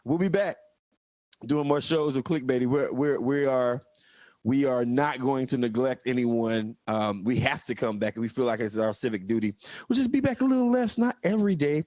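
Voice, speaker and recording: A young man hosting a live show, hyping the audience with excited, repetitive banter. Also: mid-range voice, normal speed, no echo. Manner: excited, repeats himself, hypes the audience. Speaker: host. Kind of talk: casual live-stream chat.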